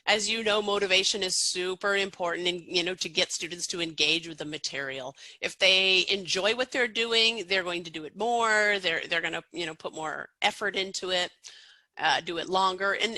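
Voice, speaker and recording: A middle-aged American accent coach talking through her ideas in a loose, chatty podcast answer, circling back with fillers and restarts. Her voice is bright and forward, and the recording sounds dry and close. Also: mid-range voice, no room sound, rough recording.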